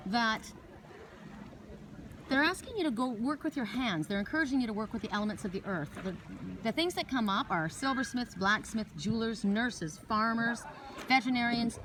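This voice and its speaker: A woman's voice: on the high side, a bit bright, slight background noise. A woman giving a casual oracle card reading outdoors by the water, talking in a rambling way with many restarts. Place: outdoors by water in a wooded glen.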